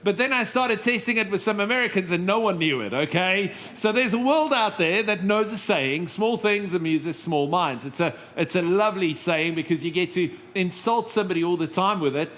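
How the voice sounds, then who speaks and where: A middle-aged male pastor preaching a sermon, telling stories with lively asides and humor. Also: high voice, brisk, few pauses. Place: church stage.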